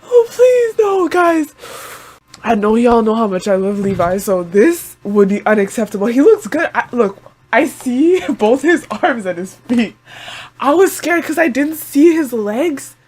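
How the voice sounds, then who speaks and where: A woman with a high voice reacts aloud as she watches. She rambles and panics, breaking into exclamations and repeated words. She is casual and highly emotional throughout. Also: lively intonation, moderate pace, darkish tone, husky. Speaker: anime reaction video host. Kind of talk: live reaction commentary.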